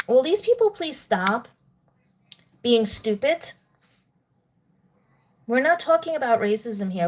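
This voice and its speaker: A woman hosts a livestream and talks to her chat in a lecturing, indignant way. She eats while she talks to her viewers. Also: mid-range voice. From New York. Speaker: livestream host. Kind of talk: live-stream commentary to chat.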